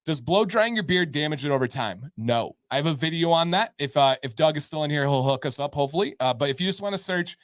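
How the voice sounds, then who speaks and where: A man hosts a live-stream advice chat, reading questions and answering with upbeat emphasis. His voice sits a little high. The sound is dry and close, with little room echo. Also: expressive, quick pace, few pauses. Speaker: show host giving beard advice.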